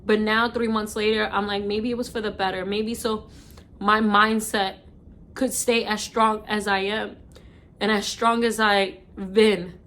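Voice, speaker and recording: A young woman with a New York accent talks straight to her camera, crying as she goes. Her voice sits at an ordinary middle pitch, and she speaks heartfelt lines, often repeating herself. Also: flat delivery, unhurried, a bit bright, slight background noise. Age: 20s. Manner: emotional, repetitive, heartfelt. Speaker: vlogger. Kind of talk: casual chat.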